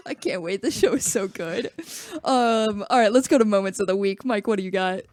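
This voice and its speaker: A woman's voice: mid-range voice, expressive, normal speed, darkish tone, no echo, clean studio sound. A woman co-hosting a podcast, talking in a casual, enthusiastic way and laughing often. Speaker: podcast co-host. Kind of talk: casual chat.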